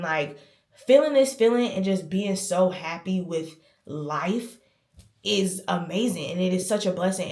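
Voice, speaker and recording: A woman in her twenties talking candidly and emphatically to camera in a casual vlog. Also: on the low side. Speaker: lifestyle vlogger. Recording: roomy echo.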